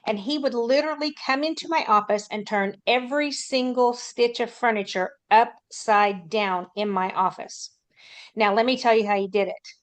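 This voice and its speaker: A woman's voice: a little high, normal speed. A woman who works as a school counselor, telling a matter-of-fact anecdote in a panel talk.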